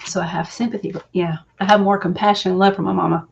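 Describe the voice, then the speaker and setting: A woman's voice: mid-range voice, fairly even intonation, fast talker, creaky, background noise. Emotional woman on a stream. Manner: emotional, confiding, says y'all, breaks into laughs. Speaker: reader on a live show. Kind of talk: live stream talk with viewers. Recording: slightly dull, lo-fi stream audio.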